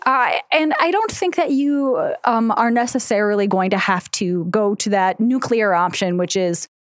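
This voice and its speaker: A woman's voice: mid-range voice, normal speed, no echo, studio quality. A woman co-hosting an advice podcast, walking through steps and acting out sample scripts in casual chat. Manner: gives step-by-step advice, reads sample scripts aloud.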